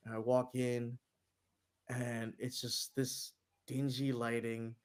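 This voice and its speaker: A man's voice: mid-range voice, flat delivery, slow, clean tone. Rambling, profane male storyteller. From New York. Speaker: guest. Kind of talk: casual storytelling.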